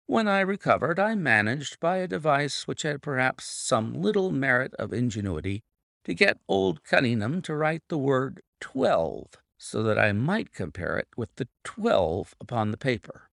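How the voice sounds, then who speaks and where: A man reading an audiobook, voicing a brilliant male detective explaining a case in a measured, deliberate way. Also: mid-range voice, big pitch swings, vocal fry, fairly bright tone, dry recording, studio quality, pitched above the performer's own voice.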